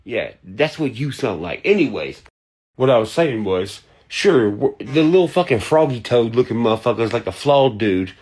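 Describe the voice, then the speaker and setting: Heated man, mid pitch, profane ranting commentator with mocking asides. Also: very animated, normal speed, darkish tone, breathy edge.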